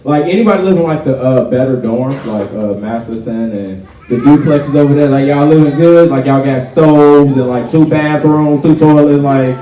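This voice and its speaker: A man's voice: medium pitch, moderate pace, few pauses, dark tone, lo-fi sound. A young man from Chicago performing a stand-up comedy set at a college show, chatty and loose, tagging his lines with "like" and "right?". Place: college auditorium with a live audience. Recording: roomy hall, mic heard from a distance.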